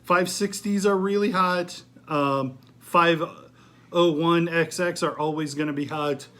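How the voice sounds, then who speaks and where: Chatty man with a fairly high voice. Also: steady tone, unhurried, a bit bright. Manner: chatty, easygoing, with frequent ums and restarts. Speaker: eBay reseller and channel host. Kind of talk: casual thrift haul vlog chat.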